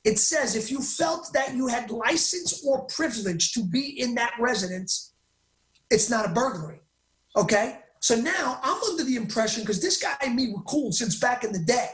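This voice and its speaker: A man as an interview guest, telling his story in an excitable, emphatic way and often cutting himself off mid-sentence. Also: extremely high pitch, moderate pace, reverberant.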